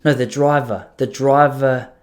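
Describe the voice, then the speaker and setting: A man spins a rambling anecdote on his podcast, lively and self-deprecating. He stumbles and restarts often as he talks. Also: mid-range voice, a little slow. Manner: animated, self-mocking storyteller, rambling with frequent restarts. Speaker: podcast host. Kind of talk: casual storytelling monologue.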